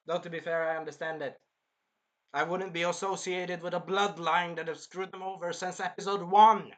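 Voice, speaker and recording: A man giving a casual anime episode review, excitable, acting out scenes in bursts and swearing freely. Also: high voice, normal speed.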